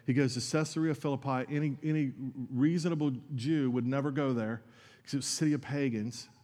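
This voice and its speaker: A man's voice: mid-range voice, steady tone, fairly quick, warm tone, in a large hall. A man preaching a sermon as pastor, earnest and conversational, with asides to his congregation.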